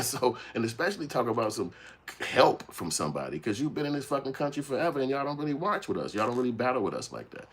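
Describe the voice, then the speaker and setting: A man ranting in a casual commentary, profane and animated, telling streetwise stories. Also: mid-range voice, slightly rough. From United States. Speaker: commentary show host.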